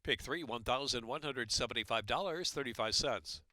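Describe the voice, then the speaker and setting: A man with an American accent calling horse races and reading track announcements in a brisk, rhythmic way. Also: medium pitch, no room sound. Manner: brisk, rhythmic, rising to a loud excited call in the stretch.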